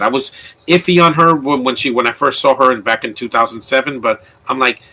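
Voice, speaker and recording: A man's voice: mid-range voice, fairly even intonation, fairly quick, bright, forceful tone, poor audio. A man giving casual, opinionated live commentary on a movie, rambling with frequent restarts. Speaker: film commentator.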